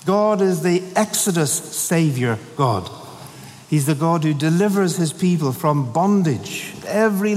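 A man's voice: fairly high pitch, a little mellow, long reverb tail. Man preaching an expository sermon. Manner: expository, dwelling on verses with emphatic repetition.

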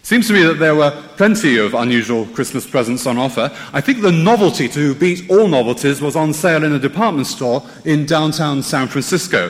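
A man giving a sermon, wry and storytelling, with plenty of rhetorical questions. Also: on the high side. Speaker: preacher. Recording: long hall reverb.

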